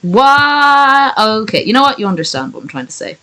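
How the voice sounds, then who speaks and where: A woman's voice: medium pitch, very animated, rapid-fire, a bit bright, slight background noise. A woman reading a fan story aloud on a livestream, breaking off for profane, sarcastic chat with her viewers. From not from America.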